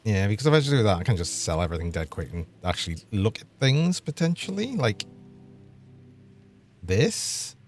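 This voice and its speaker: A man's voice: lowish voice, very animated, normal speed, faint music behind. A young man, chatting and laughing as he streams a game. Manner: chatty, laughs often, thinks aloud. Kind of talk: live gameplay commentary.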